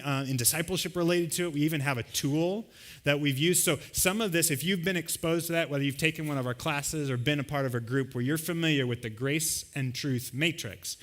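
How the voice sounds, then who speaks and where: Sex: man. Role: pastor. Style: conversational sermon. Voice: fairly high and very bright. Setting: church service. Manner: conversational, acts out everyday scenes. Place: church service with a live congregation.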